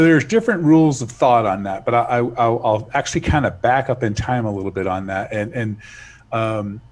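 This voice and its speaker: A man being interviewed as a guest, speaking in a halting way and repeating words as he restarts. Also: medium pitch, a little mellow. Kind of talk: casual interview talk.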